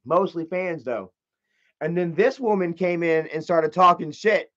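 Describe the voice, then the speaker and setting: High-voiced man ranting a story. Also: unhurried, fairly bright tone, lo-fi sound. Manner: profane, rambling, repeats himself. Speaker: channel host. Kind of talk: casual storytelling rant.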